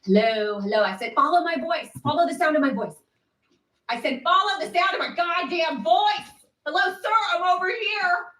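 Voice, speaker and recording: A woman's voice: extremely high pitch, moderate pace, fairly bright tone, far from the mic. A woman playing a brash, foul-mouthed mother who runs a party game, bossy and exasperated, in comedy series acting. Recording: echoey sound from off-mic.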